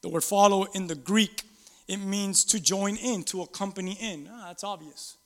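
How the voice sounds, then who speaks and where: In a large church sanctuary, a male pastor delivers a sermon at a moderate pace with a high voice. He animatedly performs scripture quotations and asks the congregation to answer back.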